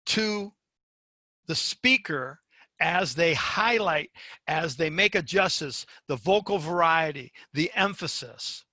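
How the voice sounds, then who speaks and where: A man's voice: fairly high pitch, bright, forceful tone, dry recording. A man teaching as a university faculty member in a webinar lecture, speaking emphatically and often checking in with his listeners.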